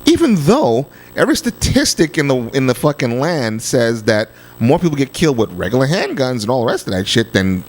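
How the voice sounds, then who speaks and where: A male podcast host talking casually and crudely, with many halting fillers. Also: mid-range voice, very animated. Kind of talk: casual radio talk.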